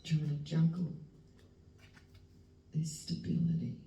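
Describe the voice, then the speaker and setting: A woman, giving a spiritual tarot reading in a slow, emotional, halting way that sometimes drops to a whisper. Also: deep voice, little pitch movement, gravelly, dark tone. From Western Australia. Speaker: tarot reader. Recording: roomy, distant mic, faint background noise.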